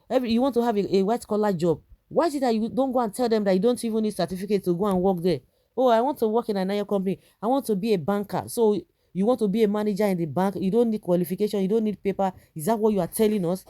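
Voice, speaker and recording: Nigerian woman, indignant commentator, mellow voice, rhetorical and repetitive. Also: mid-range voice, racing. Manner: indignant, rhetorical questions, frequent restarts. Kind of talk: opinionated political commentary.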